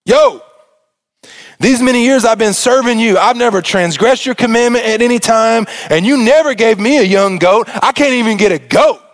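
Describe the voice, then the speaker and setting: A man voicing a resentful grown older brother who complains loudly that he has been overlooked. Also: very high-pitched, normal speed, big-room sound, voice pushed up. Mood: aggrieved. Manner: whiny, indignant, shouting complaints.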